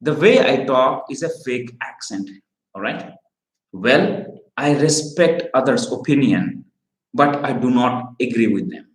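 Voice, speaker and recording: This medium-pitched male voice moves at a measured pace with lively intonation, captured in a roomy, low-quality recording. The speaker is a middle-aged Odia-speaking man from Odisha, India, whose Indian English carries American influence. He leads a live recruiting training stream with plenty of energy, posing rhetorical questions to his audience.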